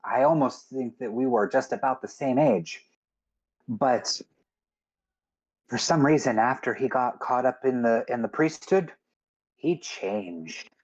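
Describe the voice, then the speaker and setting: A man's voice: expressive, unhurried, pauses often, darkish tone. A man voicing a stern, guarded middle-aged woman who keeps a tavern, in a tabletop game, on dull lo-fi audio. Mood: wistful. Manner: guarded, lowers voice to share secrets.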